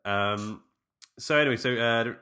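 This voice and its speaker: A man's voice: medium pitch, measured pace, pushed and bright, smooth. A man co-hosting a casual film podcast, rambling with many fillers. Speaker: podcast co-host.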